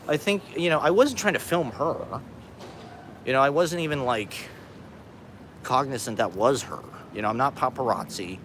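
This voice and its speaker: A stoned man rambles, swears and laughs often while live streaming on a phone held on a selfie stick from a city street. His voice is medium-pitched and a bit bright, and busy traffic noise fills the recording.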